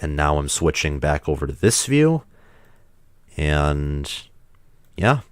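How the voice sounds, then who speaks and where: Male streamer host, deep voice, under the weather, rambling casual chat, dry close sound. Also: big pitch swings, takes it slowly, clear, resonant tone, dry recording. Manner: rambling, chatty, loose restarts. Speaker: livestream host.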